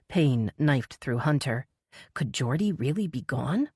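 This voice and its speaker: Very deep-voiced woman narrator. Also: measured pace, darkish tone, breathy edge, no room sound, clean studio sound. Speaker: audiobook narrator. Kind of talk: scripted narration.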